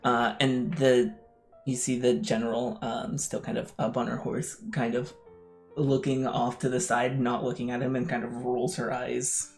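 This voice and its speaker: A man narrating as game master, halting with many fillers. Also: medium pitch, level tone, faint music behind.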